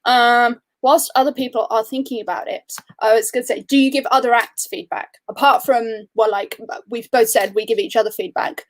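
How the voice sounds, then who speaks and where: A woman's voice: on the high side, steady tone, moderate pace, hardly any pauses. A woman hosting a casual podcast, asking questions in a friendly, easy-going way. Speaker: podcast host.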